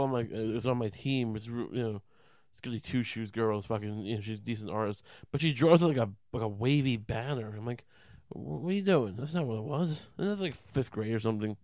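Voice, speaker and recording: A man's voice: medium pitch, darkish tone, clear, resonant tone, dry recording. A young man casually retelling a story in a rambling, sarcastic way, swearing a lot and restarting his sentences often.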